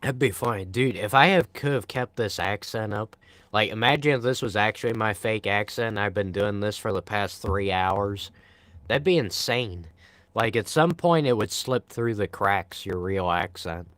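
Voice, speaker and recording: A man's voice: fairly low pitch, normal speed, fairly bright tone, no echo. A young man live streaming, chatting casually and answering viewer comments in a laid-back, rambling way with frequent sighs.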